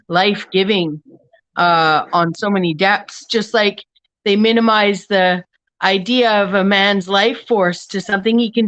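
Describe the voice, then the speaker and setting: A woman's voice: medium pitch, fairly bright tone, poor audio. A woman joining a casual livestream discussion as a panel guest, rambling and searching for words mid-thought.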